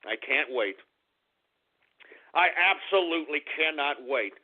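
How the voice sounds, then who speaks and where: A man's voice: high voice, expressive, moderate pace. A man hosting a political talk radio show, ranting angrily and cursing at his listeners. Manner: angry, profane, shouting at listeners. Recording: tinny phone-like internet radio audio.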